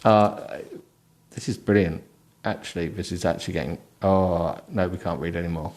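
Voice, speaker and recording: A tired man with a low voice reads a book aloud as a host, breaking off for sarcastic, mocking commentary. His tone is dry and sleepy. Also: fairly even intonation, moderate pace, darkish tone. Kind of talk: comic book reading with running commentary.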